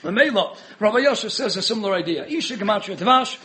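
Very high-voiced, fast-talking rabbi. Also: male voice. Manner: animated, chuckling, mixes in Hebrew and Yiddish terms. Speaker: rabbi teaching a Torah class. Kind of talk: Torah lecture.

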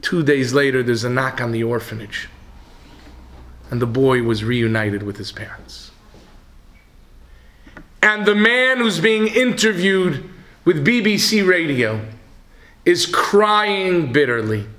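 A man giving a sermon, telling a story with dramatic swings from hushed tones to shouting. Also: mid-range voice, expressive, slow, pauses often.

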